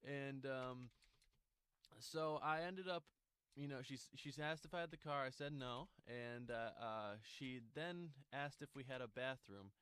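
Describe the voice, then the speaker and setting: A man's voice: mid-range voice, unhurried, fairly bright tone, clear, resonant tone, no echo. A young man telling a casual storytime, rambling with lots of fillers and restarts.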